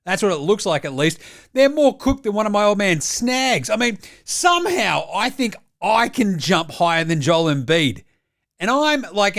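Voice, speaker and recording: An Australian man hosting comedic sports highlights, with cheeky, mocking banter. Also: a bit bright. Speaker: host.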